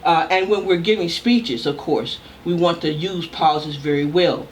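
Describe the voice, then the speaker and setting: An older woman, a communication professor, giving a recorded lecture in a loud, emphatic, deliberate way. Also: fairly low pitch, a little hiss or hum.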